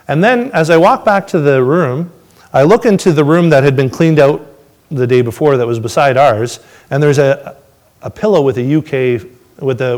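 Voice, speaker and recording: A man telling his testimony to a congregation, swinging between excited storytelling and hushed, reflective moments. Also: medium pitch. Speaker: father sharing a testimony.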